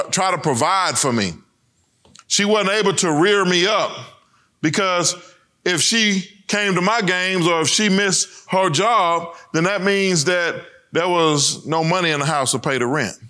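A middle-aged man giving a personal testimony speech, telling his story with emphatic swings between raised and lowered lines. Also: a little slow, pushed and bright.

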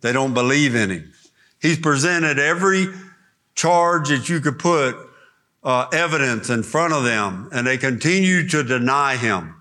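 A man preaching an expository Bible lesson in an earnest, emphatic way, pausing to pray. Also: mid-range voice, expressive, bright, forceful tone. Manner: earnest, emphatic teaching with spoken prayer. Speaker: pastor teaching a Bible study.

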